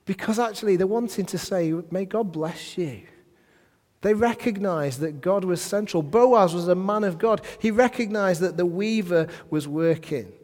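A man preaching a sermon and reading scripture aloud, animated, swinging between soft asides and loud emphatic bursts. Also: a little high. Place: church hall. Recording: long hall reverb.

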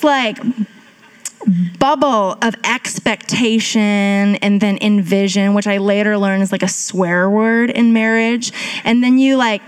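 A woman's voice: mid-range voice, clean tone. A woman pastor in her thirties preaching a sermon as a chatty, self-mocking story, acting out the voices she quotes.

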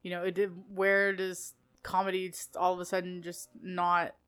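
A woman's voice: fairly low pitch, completely flat delivery, moderate pace, a bit bright, clean tone. Chatty woman podcast co-host. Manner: chatty, heavy use of "like", laughs easily. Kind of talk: casual podcast chat.

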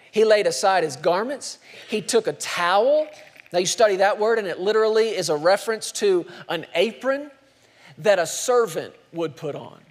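A man preaching a sermon as pastor, slowing down and dropping soft for emphasis, then rising for punchlines. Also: high voice. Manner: dynamic preaching, slows and drops soft for emphasis, rises for punchlines.

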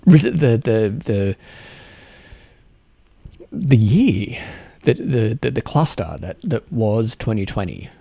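A man with an Australian accent hosting a solo podcast, talking earnestly and haltingly with many restarts and repeated words. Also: lowish voice, very animated, creaky, dark tone, breathy edge, no room sound. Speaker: podcast host.

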